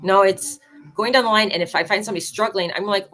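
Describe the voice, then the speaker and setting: A woman in her fifties, a band director, explaining her teaching methods in an energetic, emphatic way as a podcast guest. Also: medium pitch, fast talker, faint music behind. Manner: energetic, emphatic, acts out student voices.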